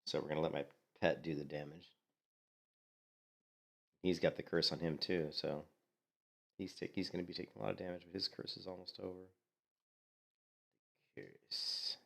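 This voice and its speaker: A man's voice: low-pitched, flat delivery, a little fast, creaky, long pauses, fairly bright tone. A man giving casual commentary while playing a game, a bit congested and thinking aloud. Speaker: game streamer.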